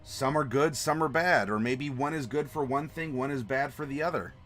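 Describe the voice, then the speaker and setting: Animated man hosting a map-design stream. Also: mid-range voice, normal speed, soft background music. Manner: animated, playful, talks to chat. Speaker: host.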